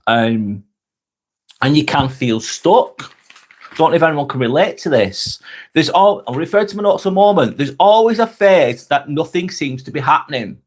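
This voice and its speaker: A man's voice: a little high, expressive, moderate pace. English man swearing through casual live chat. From England. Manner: swears freely, rambling and repetitive. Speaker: live vlog host.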